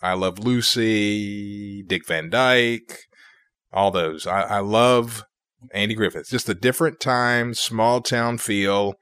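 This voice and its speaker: A male radio co-host in his fifties from the American South, with a fairly low voice. He talks in a halting, searching way. The sound is dry and up close. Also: fairly bright tone, smooth, no room sound. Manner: hesitant, many fillers and restarts. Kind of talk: casual on-air chat.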